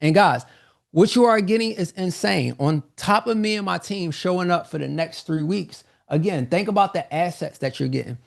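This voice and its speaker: Host for a live sales webinar: a man with a slightly raised, gravelly voice, energetic and repetitive, a bit winded. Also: high-pitched, moderate pace. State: slightly out of breath. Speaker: online business coach hosting a live sales webinar.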